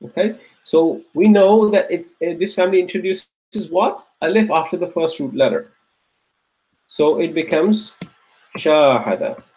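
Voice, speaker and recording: A man's voice: on the high side, lively intonation, a little mellow. Patient man teaching Arabic in class. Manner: patient, drills words by repeating them slowly; checks in with students often. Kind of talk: classroom grammar lesson.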